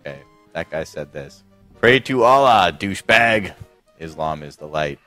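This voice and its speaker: A man on a casual podcast, reading listener messages in a deadpan voice and often breaking into laughter. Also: low-pitched, normal speed, soft background music.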